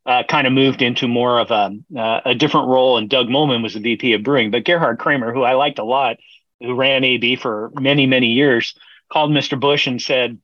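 A man's voice: medium pitch, steady tone, brisk, fairly bright tone, no room sound, highs cut off. A middle-aged man, a brewer, telling long stories in a casual interview, rambling with many fillers, restarts and laughs. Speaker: brewer, podcast guest.

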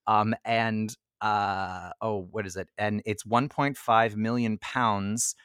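A man's voice: on the low side, steady tone, slow, fairly bright tone, clean tone, dry recording, clean studio sound. A young man hosting a podcast in casual chat, rambling with lots of fillers and self-corrections and laughing often. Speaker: podcast host.

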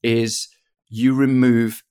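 A man in his forties, a podcast guest, candidly telling a personal story in a halting, reflective way with many restarts. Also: mid-range voice, flat delivery, dark tone, clean tone.

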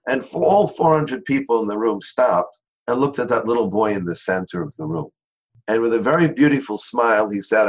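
A man guest in an interview, telling a story in an earnest way and slowing down on key phrases. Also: lowish voice, animated. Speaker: interview guest, charity founder. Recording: dull lo-fi sound.

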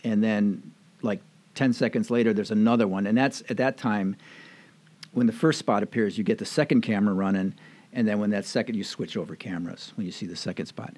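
An older man reminisces at an easy ramble, his voice sitting on the low side. He chuckles now and then and circles back through fillers and restarts as he goes. The recording is dry and close, with no room echo. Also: fairly even intonation, brisk, darkish tone. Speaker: interviewee. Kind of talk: casual storytelling reminiscence.

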